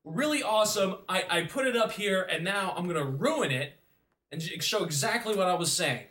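A man co-hosting a casual podcast chat, jokey and quick to jump in. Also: high voice. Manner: animated, jokey, quick interjections. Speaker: podcast co-host.

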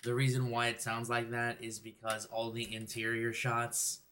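A man co-hosting a casual podcast, calmly explaining things in a matter-of-fact way. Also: mid-range voice, moderate pace, a little hiss or hum. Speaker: podcast co-host. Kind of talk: casual chat.

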